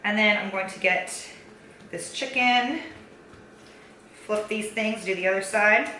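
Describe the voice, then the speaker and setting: Speaking at a measured pace in a mid-range voice, a young fitness vlogger chats through cooking and logging her food at home, sprinkling in lots of "um" and "kinda." The kitchen is echoey with faint ambience, and background noise is audible.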